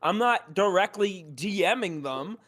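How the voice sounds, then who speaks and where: A man's voice: sits high, expressive, measured pace, fairly bright tone. A man co-hosting a casual gaming podcast, giving blunt, plain-spoken opinions. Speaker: guest co-host.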